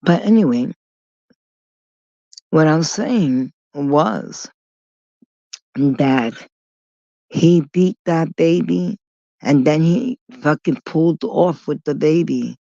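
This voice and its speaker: A woman vlogger delivers a slow, rambling monologue, speaking bluntly, swearing freely, and drifting off topic before coming back. Her deep, gravelly, mellow voice sounds dry and close, with no room sound, on a dull lo-fi recording.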